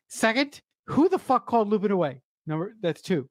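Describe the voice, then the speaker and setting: A woman co-hosting a podcast in casual chat, excitable and profane, often stumbling over restarts. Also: mid-range voice, fairly quick, no room sound. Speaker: podcast co-host.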